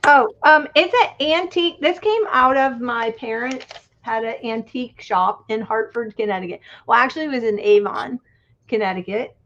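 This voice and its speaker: A woman's voice: fairly high pitch, moderate pace, a bit bright, a little hiss or hum. A woman co-hosting a casual craft livestream, talking in a rambling, storytelling way. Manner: chatty, rambling storyteller with laughs. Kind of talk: casual chat. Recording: dull lo-fi livestream audio.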